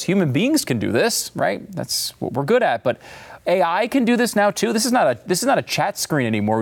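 A man hosting a show with a gravelly edge to his voice. He comments excitedly on a tech demo, rambling and restarting his sentences. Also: a little high. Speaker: host. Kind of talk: casual commentary.

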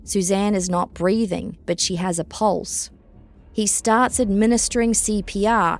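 A woman narrates a scripted true-crime account at a middling pitch. Her delivery is measured and even. Soft music sits quietly underneath. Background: faint music.

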